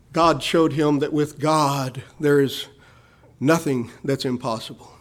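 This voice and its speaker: This man preaches with rising swells and quiet drops, repeatedly calling the congregation beloved. He sounds a little high and speaks a little slowly.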